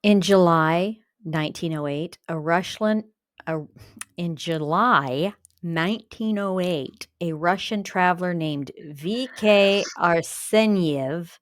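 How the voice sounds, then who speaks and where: A woman co-hosting a podcast, telling the story with wry, deadpan jokes. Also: on the low side, slow, no echo. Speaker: podcast co-host. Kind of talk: casual storytelling chat.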